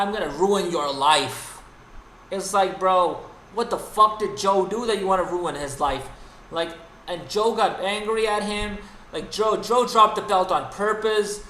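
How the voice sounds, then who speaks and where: Male streamer, unscripted rant, cursing and exasperated, slightly high voice, roomy echo. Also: fairly bright tone. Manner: profane, exasperated ranting with frequent restarts. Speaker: streamer and host. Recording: roomy with faint background noise.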